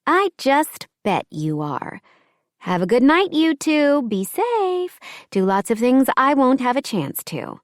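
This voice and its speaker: A woman's voice: high-pitched, very animated, takes it slowly, no room sound, studio quality, voice pushed up, full character voice. A woman doing a bubbly, teasing young woman friend.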